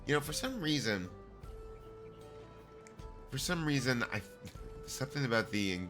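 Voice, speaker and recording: A man's voice: medium pitch, big pitch swings, unhurried. A middle-aged man streaming a video game, reading its dialogue aloud and making joking, self-mocking asides. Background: faint game music.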